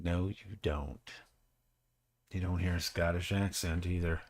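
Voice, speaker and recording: A man's voice: deep voice, steady tone, unhurried. A man co-hosting a live painting stream, reading out chat and trading dry jokes with his partner. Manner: dry, joking, reluctant banter. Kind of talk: casual chat.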